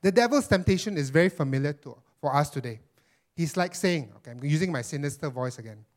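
A man pastor delivering a sermon with a slightly higher-pitched voice. He preaches emphatically, repeating key phrases and addressing the congregation as friends. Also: animated, fast.

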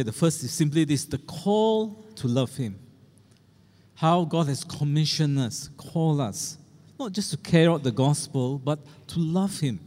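A middle-aged male pastor delivers an earnest sermon, leaning hard into the scripture he quotes. His voice sits a little high for a man. The sound carries a long church reverb. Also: darkish tone. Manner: earnest, emphatic quoting of scripture.

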